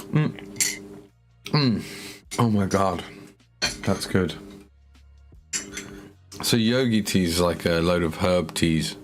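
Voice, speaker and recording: A man chatting casually while painting miniatures on a stream, talking in a relaxed, rambling way that often restarts mid-sentence. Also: low voice, slow pace, long pauses, faint music behind.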